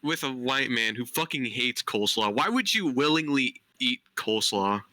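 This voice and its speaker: A man's voice: medium pitch, expressive, moderate pace, pushed and bright, dry recording. A young man on a podcast, speaking bluntly in casual chat, swearing and stumbling over words. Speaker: podcast co-host.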